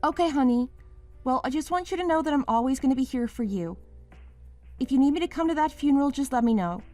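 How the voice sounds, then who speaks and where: Woman voicing a bitter wife calling out her husband, high swoopy voice, quiet music behind. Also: lively intonation, fast. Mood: soothing. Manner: pleading, then accusing and sharp. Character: wife Mia, wounded then furious. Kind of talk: scripted drama voice acting.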